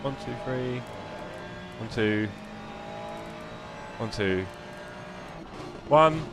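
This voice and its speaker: A man's voice: mid-range voice, expressive, drawn-out words, music in the background. A man, live-streaming a sim race with chatty, jokey commentary and muttering while he adjusts his car setup.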